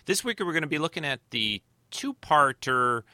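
Male podcast host, slightly nasal, rambling delivery with lots of pauses, very bright crisp tone, bone-dry close mic. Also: on the high side, big pitch swings, dry recording. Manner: rambling, many filler pauses. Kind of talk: casual solo podcast talk.

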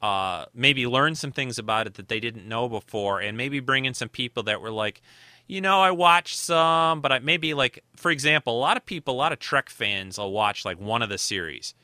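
A man's voice: mid-range voice, brisk, few pauses, pushed and bright, no echo, studio quality. A man hosting his podcast in casual chat, rambling and often restarting his sentences. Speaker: podcast host.

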